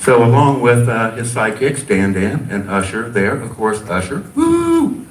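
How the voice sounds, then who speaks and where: A man's voice: lowish voice, moderate pace. A man presenting an award at a ceremony, joking and getting teary as he praises a friend. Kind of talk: ceremony introduction speech. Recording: echoey hall, distant mic, noise.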